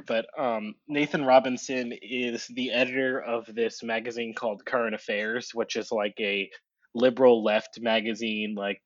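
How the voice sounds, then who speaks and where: A man's voice: medium pitch, no room sound. A man hosting a casual book podcast, rambling and profane, filling his talk with fillers and laughs. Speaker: podcast host. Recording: dull dry lo-fi audio.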